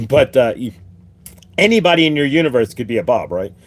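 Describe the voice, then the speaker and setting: A man who hosts a spiritual show, chatting casually after a channeling in a halting, hesitant way. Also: medium pitch, sing-song. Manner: halting, hesitant, with many fillers and restarts. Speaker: host and channeler. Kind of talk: casual chat.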